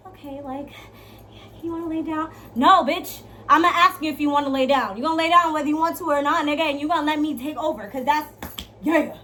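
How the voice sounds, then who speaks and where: A young woman vlogger giving dating advice in a brash, profane, playful monologue, swinging from loud to hushed. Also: very high-pitched, a little hiss or hum. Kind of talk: casual storytelling monologue.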